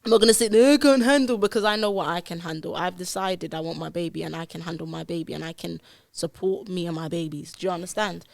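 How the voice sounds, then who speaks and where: A woman's voice: lowish voice, fast, gravelly, no echo. Woman, candid storytelling, acts out voices, dead-dry studio mic. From London, England. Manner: animated, acts out dialogue in her story. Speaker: podcast guest.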